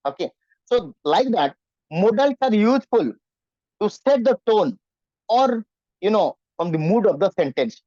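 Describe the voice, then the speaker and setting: A man's voice: high voice, very animated, measured pace, long pauses, mellow, dry recording, lo-fi sound. A man teaching in an online class, often asking his students questions. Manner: repetitive, questioning students, acts out nervous voices. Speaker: English teacher.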